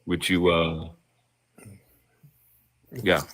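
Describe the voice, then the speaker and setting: A man's voice: low voice, monotone, drawn-out words, fairly bright tone. A man from the American East Coast calling in to a livestream, speaking hesitantly with lots of fillers. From East Coast of the United States. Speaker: caller.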